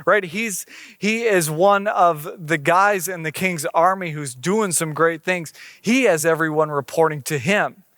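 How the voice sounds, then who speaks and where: A man gives a sermon, moving from scripture reading into relaxed, conversational explanation. His voice sits high for a man. The sound is dry and close, with no room echo. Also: unhurried. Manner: conversational preaching, reading scripture aloud with acted quotes. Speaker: pastor.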